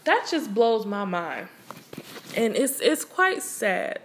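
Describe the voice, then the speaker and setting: A woman's voice: fairly high pitch, big pitch swings, takes it slowly, slight background noise. A young woman talking casually to camera, candid and blunt, full of "you know" and "like" and plenty of cursing. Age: young adult. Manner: candid, blunt, and streetwise, with frequent profanity; conversational, with many fillers like "you know" and "like". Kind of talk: casual opinion monologue.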